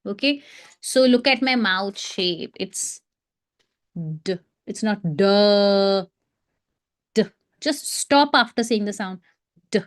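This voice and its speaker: This woman, whose voice sits on the high side, has an Indian English accent and keeps a measured pace. Running a live online phonics lesson, she models letter sounds and drills every one with brief repetitions.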